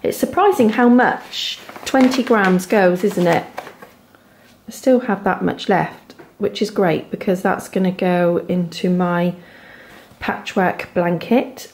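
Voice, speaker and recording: A woman in her thirties with a Devon accent, chatting casually at home as a knitting vlogger, gushing softly over her yarn. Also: mid-range voice, slight background noise. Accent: Devon English. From England. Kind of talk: casual chat to camera. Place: home, indoors.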